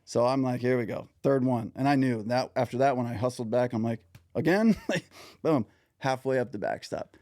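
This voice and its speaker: Chatty male host, dark dry voice. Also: medium pitch, fairly even intonation, fairly quick, dry recording. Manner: chatty, swearing anecdotes. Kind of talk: casual interview chat.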